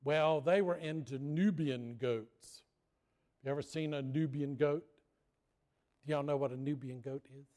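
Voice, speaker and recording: Folksy pastor, slightly high voice. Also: male voice, steady tone, a little slow, mellow. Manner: folksy, jokes with the congregation. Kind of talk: sermon with storytelling.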